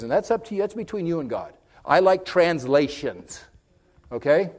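Animated folksy male preacher. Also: a little high. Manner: animated, swings from loud to hushed and whispered; folksy, direct, addresses listeners with okay and amen. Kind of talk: conversational sermon.

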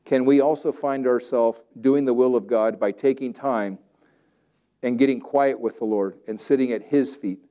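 A male pastor preaching a sermon, swinging between loud emphatic declarations and quiet, conversational asides. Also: mid-range voice, moderate pace.

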